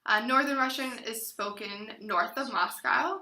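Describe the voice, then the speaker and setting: Woman presenting for a class, bright voice, reads with small repeats, recorded in a roomy space. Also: a little high, a little slow. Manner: reads from notes, some fillers and repeats. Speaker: student presenter. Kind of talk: read-aloud class presentation.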